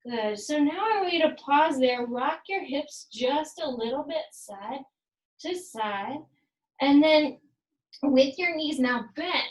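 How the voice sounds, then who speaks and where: A woman with a high voice guides a workout in an unhurried, slow rhythm, calmly cueing movements and counting down reps. Now and then she slips in a Spanish phrase. Her voice rings a little in an echoey room. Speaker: yoga and fitness instructor.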